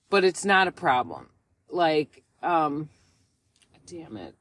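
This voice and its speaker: A tired woman in her thirties talks through a casual solo podcast, rambling from one thought to the next. She is candid and swears freely, her voice sounding worn out and prone to yawns. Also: on the low side. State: tired, yawning. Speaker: podcast host.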